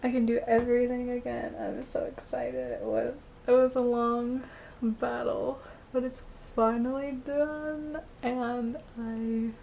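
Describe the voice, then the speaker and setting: Young woman, vlogger, overtired, gushing, breathless, unhurried, mellow tone. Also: on the high side, flat delivery, vocal fry, slight background noise, low-quality recording. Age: young adult. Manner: breathless, gushing, repeats herself. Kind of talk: excited vlog talk.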